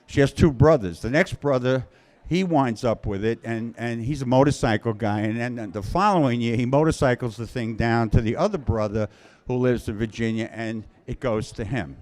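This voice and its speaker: A man's voice: mid-range voice, moderate pace, a little mellow. A man from Queens, telling a personal story live in a wry, conversational, self-mocking way. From Queens, New York.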